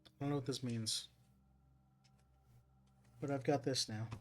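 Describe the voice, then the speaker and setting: A man's voice: mid-range voice, steady tone, measured pace, faint music behind. A man streaming a puzzle game, thinking aloud and reading clues as he works them out.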